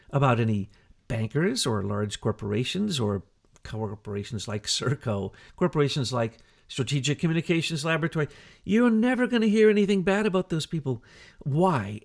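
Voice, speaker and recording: A man co-hosting a talk show, talking in an animated, emphatic way with rhetorical questions. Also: medium pitch, creaky. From United States. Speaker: co-host. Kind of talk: conversational talk show discussion.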